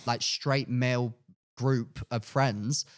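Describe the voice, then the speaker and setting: A young man, a podcast co-host telling a personal story in a casual, animated way, acting out his own past lines. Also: slow. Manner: animated, acts out his past self with sudden high-pitched outbursts.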